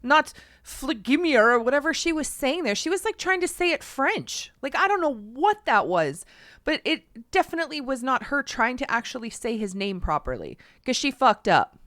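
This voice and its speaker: A woman co-hosting a podcast in casual chat, blunt and quick to swear. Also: sits high, very animated, a bit bright, no echo, clean studio sound. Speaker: podcast co-host.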